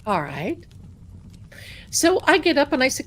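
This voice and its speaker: A woman hosting a tarot livestream, chatting casually and telling a personal story in an animated, amused way. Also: fairly high pitch, normal speed, pauses often. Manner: chatty, animated, laughing at her own story. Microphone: desk mic at home.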